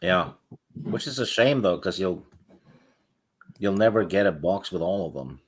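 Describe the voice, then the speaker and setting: A man with a very deep voice joins a casual livestream chat. He speaks haltingly and keeps starting over with uh. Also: animated, breathy edge. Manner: halting, many uhs.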